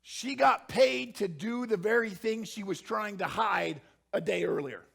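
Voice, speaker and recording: A man preaching a sermon as pastor, animated and swinging from hushed tones to shouting. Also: high voice, a little slow, vocal fry, husky.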